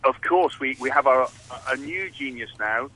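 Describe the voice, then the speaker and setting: A man's voice: medium pitch, lively intonation, moderate pace, pushed and bright, low-quality recording. A man talking casually as a guest on a morning radio show, hesitant with many fillers and restarts. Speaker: rugby guest.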